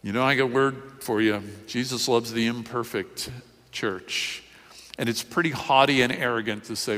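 Bright-voiced male pastor in echoing hall. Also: medium pitch, normal speed. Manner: conversational with many fillers, asks the congregation questions. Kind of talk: sermon.

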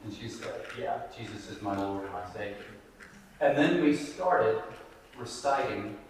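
A man's voice: on the low side, animated, a little slow, recorded from a distance, a little hiss or hum. A man preaching a sermon, speaking earnestly and conversationally and repeating his key phrases. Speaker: pastor. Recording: echoey hall, voice picked up from afar.

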